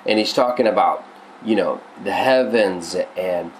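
A man's voice: low voice, unhurried, slight background noise, poor audio. A male pastor teaching on a devotional podcast, earnest and conversational, often restarting his sentences.

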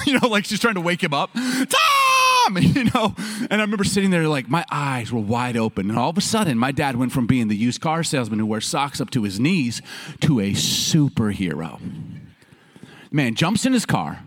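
A man from Chicago and Baltimore delivers a sermon like a personal story, his voice rising and falling widely. He laughs often and pushes into loud bursts at the funny turns. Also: mid-range voice, big pitch swings, brisk. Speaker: pastor.

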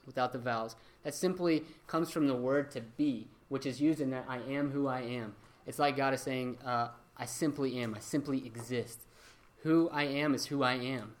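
A young man teaching a church Bible class in a conversational way, with many ums and restarts. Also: mid-range voice.

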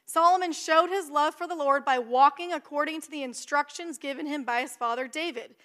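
A young woman preaching a sermon in a conversational, animated way, acting out her own thoughts. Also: high-pitched, a little fast.

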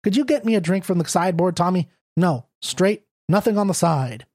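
Man voicing a dogged, slangy writer, dark and dry tone, storybook reading. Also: sits high, animated, a little fast, dry recording. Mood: argumentative. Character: stubborn unshaven young male story writer.

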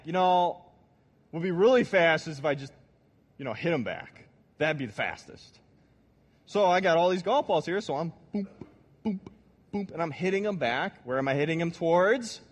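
Male pastor, animated storyteller, lively pitch, long hall reverb. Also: husky. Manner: animated storytelling, addresses audience directly. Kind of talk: sermon.

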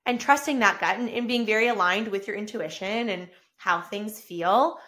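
A woman's voice: mid-range voice, normal speed. A woman hosting her own solo podcast, talking in an effusive, upbeat way that rambles with restarts. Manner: effusive and upbeat, gushing with excitement. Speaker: podcast host. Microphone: own camera and mic.

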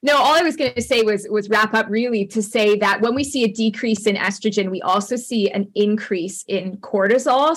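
A woman with a Canadian accent, a health practitioner guest on a podcast, explaining things in a friendly way with lots of fillers. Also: mid-range voice. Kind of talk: conversational podcast interview.

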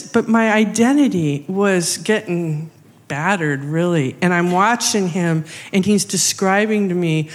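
A woman tells a personal story from the front of a church. She speaks slowly and animatedly, acting out the lines of everyone in it. Her voice rings out with a long reverb from the large hall. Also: fairly low pitch. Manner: animated, acts out quoted speech. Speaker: missionary sharing a testimony. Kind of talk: storytelling testimony.

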